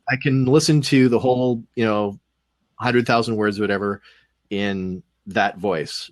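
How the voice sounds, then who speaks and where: A man with a Canadian accent talking casually on a podcast panel, rambling with many pauses and dry humor. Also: on the low side. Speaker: podcast co-host.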